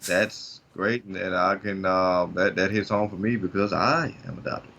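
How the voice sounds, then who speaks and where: A man's voice: sits low, fairly even intonation, moderate pace, creaky, bright, forceful tone, highs cut off, slight background noise. A man co-hosting a podcast in casual chat, easygoing and supportive, answering in short remarks. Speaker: podcast co-host.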